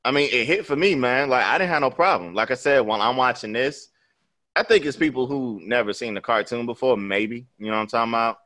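A man's voice: medium pitch, quick pace, a bit bright. Laid-back man telling a rambling story. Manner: loose, rambling, peppered with "you know what I'm saying". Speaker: podcast host. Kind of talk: casual storytelling chat.

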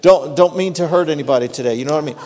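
A man's voice: fairly high pitch, racing, darkish tone. A middle-aged male pastor preaching a conversational sermon, drawing responses from the congregation. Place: church sanctuary. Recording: long hall reverb.

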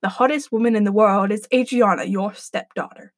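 A woman voicing a sentient magic mirror in a lowered, measured, formal tone. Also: steady tone, dry recording, clean studio sound, natural voice. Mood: deadpan.

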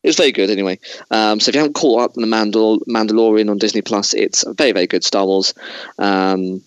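A man's voice: on the low side, steady tone, fast talker, clear, resonant tone, no echo, highs cut off. A man hosting a casual chat, talking in a digressive way with many restarts. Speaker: podcast host.

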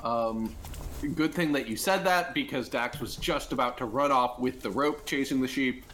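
A man's voice: mid-range voice, normal speed, background noise. A man playing a tabletop game, chatting casually, giggly and hesitant with lots of ums. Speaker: player.

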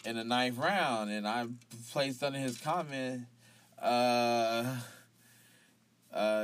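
A man hosting a casual solo fantasy football podcast, laughing often, repeating himself and swinging from loud hype to low mutters. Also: slow, long pauses, clean tone, no room sound.

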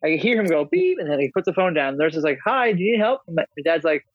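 A man co-hosting a casual podcast, telling animated stories and mimicking the people in them. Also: a little high, rapid-fire, no echo, dull audio. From New York family. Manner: animated storyteller, mimics voices. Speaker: podcast co-host. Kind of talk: casual chat.

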